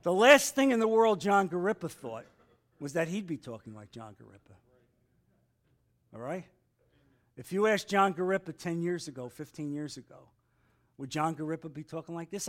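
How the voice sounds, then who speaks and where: A man's voice: fairly high pitch, expressive, a little fast. A man teaching a Bible class in an earnest sermon style, repeating phrases and calling for amens.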